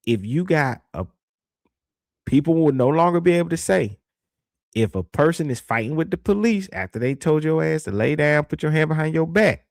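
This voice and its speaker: A young man, hosting a livestream and giving casual, opinionated commentary in a slangy, animated way that repeats points for emphasis. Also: fairly high pitch, no echo, clean studio sound. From Southern United States. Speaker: livestream host reading super chats.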